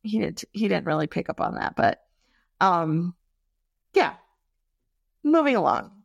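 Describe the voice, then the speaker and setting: A woman candidly telling personal stories in a frank, expressive way, full of fillers and asides. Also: lowish voice, measured pace, gravelly, no echo.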